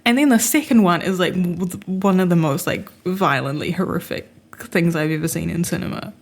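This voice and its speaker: A woman's voice: on the low side, moderate pace. A woman co-hosting a film podcast in casual chat, laughing often as she rants. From Australia. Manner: laughing, mocks accents with put-on voices. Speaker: podcast co-host.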